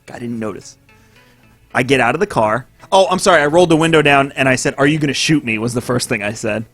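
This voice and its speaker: Animated storytelling man. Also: medium pitch, brisk, soft background music. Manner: animated storyteller acting out voices, swearing. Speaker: podcast co-host. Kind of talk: casual storytelling chat.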